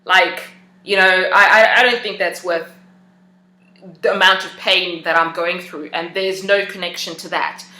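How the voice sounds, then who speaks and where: Bright-voiced woman talking casually, echoey room. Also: lowish voice, steady tone, a little slow. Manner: conversational, hesitant, many fillers and restarts. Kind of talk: casual personal talk.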